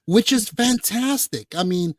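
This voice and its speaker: A man's voice: sits high, expressive, a little slow, darkish tone, no room sound. Blunt, profane man chatting about films. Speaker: podcast co-host. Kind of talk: casual film chat.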